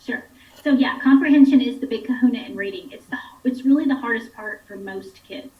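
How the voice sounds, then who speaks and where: A woman's voice: a little high, a little fast, roomy sound, distant mic, muffled recording. A woman instructional coach patiently explaining reading skills to parents. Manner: patient, clear teacherly explaining.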